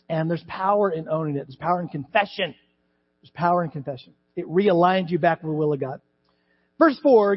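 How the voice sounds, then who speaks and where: A middle-aged male pastor preaching a sermon, animated, acting out voices from the scripture story. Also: very high voice. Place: church sanctuary. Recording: dull church recording with long reverb.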